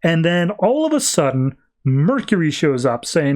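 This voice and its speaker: Casual podcaster man with a higher voice. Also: sing-song, unhurried, darkish tone. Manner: rambling, slangy, acts out quotes. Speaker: podcast host. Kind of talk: casual comic book recap.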